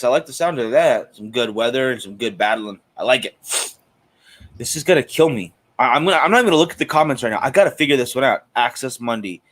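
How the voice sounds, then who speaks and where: A man's voice: mid-range voice, a bit bright. A man hosting a live cigar stream in a chatty, casual way, greeting viewers by name. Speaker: host of a cigar show.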